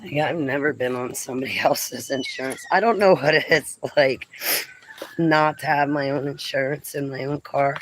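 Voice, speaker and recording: A middle-aged woman from New Jersey, telling stories in a chatty vlog, breaking into lively exclamations and laughs. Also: a bass voice, moderate pace, slight background noise, low-quality recording. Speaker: vlogger. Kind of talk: casual storytelling chat.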